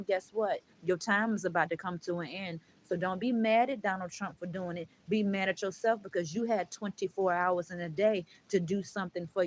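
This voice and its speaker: A woman's voice: on the low side, a little hiss or hum, rough recording. Blunt, preachy woman vlogger swearing freely. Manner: blunt, preachy, heavy swearing, calls viewers "baby" and "honey". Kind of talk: emotional monologue to camera.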